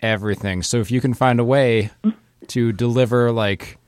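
A man's voice: medium pitch, steady tone, moderate pace, clear, resonant tone, no echo, clean studio sound. A man co-hosting a podcast, wryly explaining a point and talking straight to listeners. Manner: wry, explaining and addressing listeners directly. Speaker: podcast co-host. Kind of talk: casual movie discussion chat.

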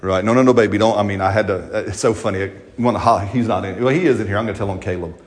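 Low-voiced pastor preaching casually. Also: male voice, quick pace. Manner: conversational, storytelling, frequent "right?" tags; laughs while telling funny anecdotes. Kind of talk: sermon. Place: church service before a congregation.

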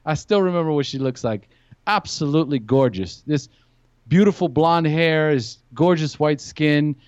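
A man's voice: a little high, normal speed, darkish tone, clean tone, no echo. A man, a podcast guest, telling stories in casual chat and acting out his friends' voices. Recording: dry, dull lo-fi podcast audio.

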